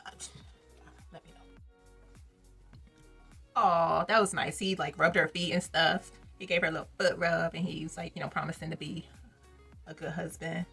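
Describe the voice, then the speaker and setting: A young woman talks through a reality show episode in a loose, chatty vlog. Her voice sits low and comes out very husky and breathy, and she laughs often and tosses slangy asides to her viewers. Faint music plays behind her. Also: a bit bright. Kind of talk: casual commentary vlog.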